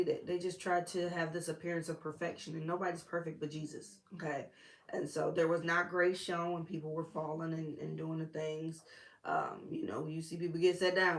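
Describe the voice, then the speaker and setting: A woman's voice: deep voice, echoey room. A woman preacher, teaching the Bible in a casual, chatty way with sassy asides.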